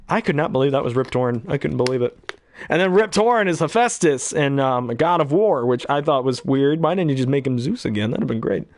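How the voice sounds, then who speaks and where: An expressive, slightly mellow man at medium pitch talks fairly quickly on a dry, studio-quality recording. He does voice acting as a hobby and rambles about favorite voices between impressions, peppered with ums and throat-clearing.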